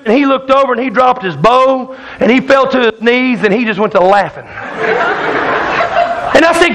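Folksy high-voiced preacher. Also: male voice, a little fast, crowd noise, low-quality recording. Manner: folksy, animated, draws laughs from the congregation. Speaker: pastor. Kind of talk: sermon with a storytelling hunting anecdote. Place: church sanctuary.

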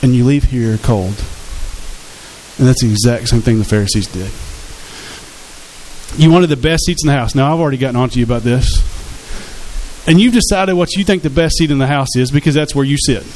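Pastor preaching conversationally. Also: male voice, medium pitch, fairly quick, pauses often, darkish tone, rough recording. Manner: conversational preaching, asks the congregation questions. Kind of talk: sermon. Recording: faint hiss in the background.

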